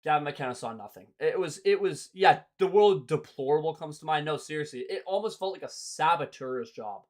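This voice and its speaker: A man's voice: fairly high pitch, animated, brisk. A young man hosting a hockey show, ranting in an exasperated, sarcastic way. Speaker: hockey podcast host. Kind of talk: ranting sports commentary.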